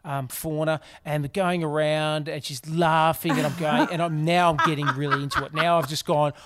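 A man's voice: a little high, moderate pace, dry recording, studio quality. A man with an Australian accent, a guest comedian telling self-mocking stories in a casual podcast chat. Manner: animated storyteller, self-mocking.

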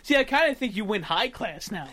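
Man, podcast co-host, short reactions, bright voice, lively pitch. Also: brisk. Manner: short reactions and agreeing asides. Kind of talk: casual chat.

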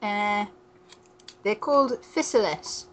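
A woman's voice: medium pitch, takes it slowly, background noise. Giggly, sweary woman podcaster. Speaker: podcast co-host. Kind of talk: casual chat.

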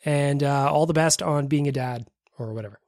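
A man's voice: fairly high pitch, normal speed, a little mellow, no echo, studio quality. A man hosting a casual podcast, reacting to listener voicemails with laughter, swearing, and effusive thanks. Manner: profane, laughing, effusively grateful. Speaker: podcast host.

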